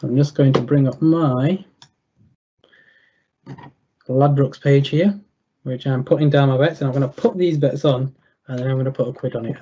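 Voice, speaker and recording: A young man giving betting tips over a video call, thinking aloud in a halting way with many fillers and restarts. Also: medium pitch, mellow, muffled recording. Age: young adult. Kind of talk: thinking aloud while clicking through a screen.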